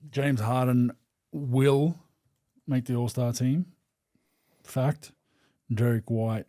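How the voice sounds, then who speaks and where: Australian man, podcast host, casual sports chat, dry close sound, mid pitch. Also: fairly even intonation, slow pace, warm tone, no echo.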